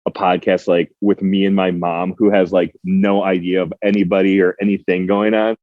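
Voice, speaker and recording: A man's voice: low voice, flat delivery, moderate pace, no echo, narrow, tinny audio. A man chatting as a podcast guest, rambling and giggly with crude humor. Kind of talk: casual podcast chat.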